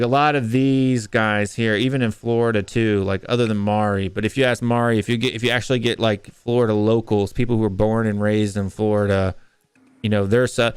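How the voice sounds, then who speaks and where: A man's voice: fairly low pitch, clean tone, no echo. A man from the American South co-hosting a casual call-in show, rambling with many restarts and fillers.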